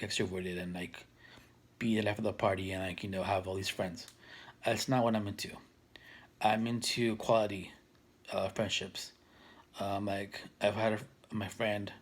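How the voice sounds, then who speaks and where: A man in his thirties talking casually to camera, soft-spoken and hesitant, with many fillers and restarts that trail off quietly. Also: fairly low pitch. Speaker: vlogger.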